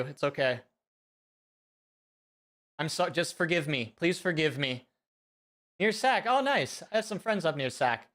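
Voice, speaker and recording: A man from Central California, chatting casually and excitably with viewers on a live stream. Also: on the high side, unhurried, long pauses. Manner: rambling, excitable, talks to chat. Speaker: fitness streamer.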